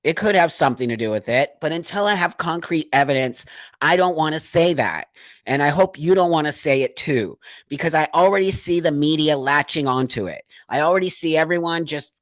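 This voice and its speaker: A man's voice: on the high side, animated, a little fast, a bit bright, no echo. A man hosting a livestream, talking in an earnest, emotional monologue full of repeated rhetorical questions. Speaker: livestream host.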